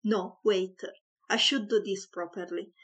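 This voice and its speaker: A woman reading aloud plays an earnest young gentleman flustered by love, stumbling over his words before blurting it all out. His declarations come in halting storybook bursts. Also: medium pitch, fairly even intonation, husky.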